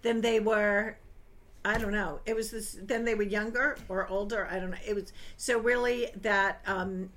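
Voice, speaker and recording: An older woman giving chatty, gossipy film reviews to camera, animated and prone to exclaiming. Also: normal speed, slight background noise. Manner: animated, gossipy, swings into high exclaiming bursts.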